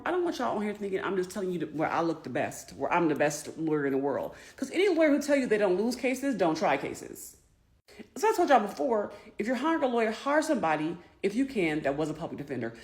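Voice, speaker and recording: A woman defense attorney telling a candid story in a blunt, profane, emphatic way. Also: mid-range voice.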